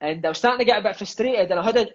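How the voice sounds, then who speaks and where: A man's voice: high voice, highs cut off. A Scottish man in his thirties, a podcast guest telling stories in casual chat, swearing freely and peppering his talk with "mate" and "aye". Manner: swears freely, fills lines with "mate" and "aye", quick enthusiastic storyteller.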